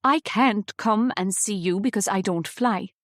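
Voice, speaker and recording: A woman voicing a middle-aged aunt with an Irish accent, halting and apologetic. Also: mid-range voice, dry recording, studio quality, close to an everyday voice.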